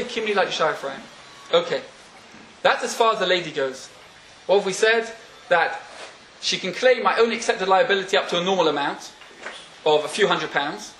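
A man with a notably high voice leads a Talmud class, firing questions at his students and laughing between points. The room is echoey. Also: a bit bright, slight background noise. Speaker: teacher.

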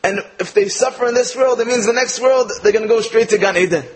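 An American man giving a sermon-style Torah talk, telling a joke with animated quoted lines before turning to his lesson. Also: very high voice, quick pace, low-quality recording. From United States. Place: speaking in England.

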